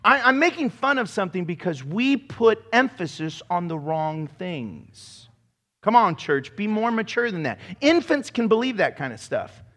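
A male pastor delivering a lively sermon with a fairly high voice. He acts out voices and slips into mocking impressions as he preaches. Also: measured pace.

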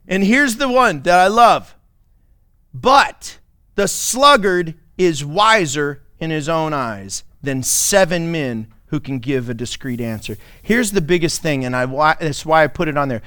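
A man's voice: high-pitched, fairly bright tone, dry recording, studio quality. A man preaching a sermon in a playful, sarcastic way, laughing often as he talks. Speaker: pastor.

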